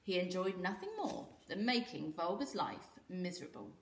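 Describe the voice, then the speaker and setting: A British woman teacher reading a children's story aloud in an expressive, lively way. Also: on the low side, moderate pace, roomy sound. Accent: British English. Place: school room.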